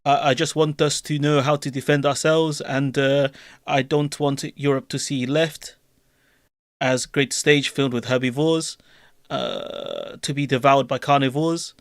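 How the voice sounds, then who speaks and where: A man's voice: mid-range voice, lively intonation, unhurried, no echo, clean studio sound. Man doing a French accent, mock-formal statesman, emphatic, plain mid voice. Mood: mock-serious. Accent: French, put on.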